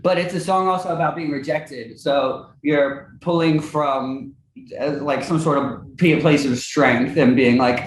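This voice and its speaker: A man chatting casually as a musician guest in an interview, animated and laughing often. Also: unhurried, a little hiss or hum. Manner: animated, acts out quoted friends in high voices, laughs often. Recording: roomy with faint ambience.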